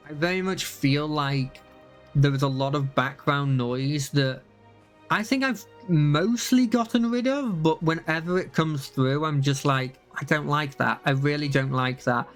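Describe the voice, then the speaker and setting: Rambling young male streamer, fairly high voice. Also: lively intonation, a little slow, faint music behind. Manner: rambling, repeats himself, many fillers and restarts. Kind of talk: casual live-stream chat.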